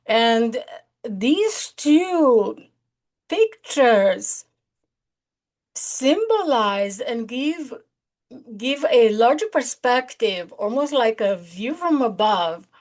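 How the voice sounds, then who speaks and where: A woman hosts her own prophecy channel and preaches with urgent, earnest warnings. She speaks slowly and often circles back to repeat a phrase. Her voice sits a little high. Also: very animated, a little mellow. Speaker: host of an online prophecy channel. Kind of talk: online prophetic sermon.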